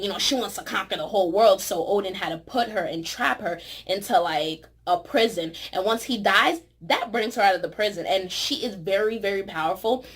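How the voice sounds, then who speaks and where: A woman talking casually and excitedly in a vlog review, filling her talk with "you know" and "like". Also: mid-range voice. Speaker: movie reviewer.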